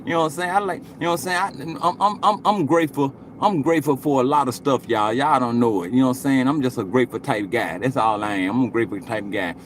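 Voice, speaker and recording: A man in his late forties streams live and talks at his viewers in an unhurried, meandering way. He swears often and keeps looping back to the same points. His voice sits at an ordinary middle pitch, and a faint background noise runs under it. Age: 40s. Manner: rambling, profane, repeats "you know what I'm saying".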